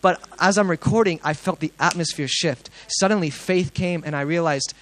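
A young man sharing a testimony with a congregation, telling his story earnestly and excitedly, with plenty of fillers and restarts. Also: on the high side, normal speed, low-quality recording.

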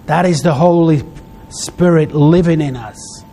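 A male preacher delivers a heartfelt sermon in short, pausing phrases. He speaks very slowly, with a voice pitched a little high for a man. A faint hum lies under his voice. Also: dark tone. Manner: slow, heartfelt, phrases broken by pauses.

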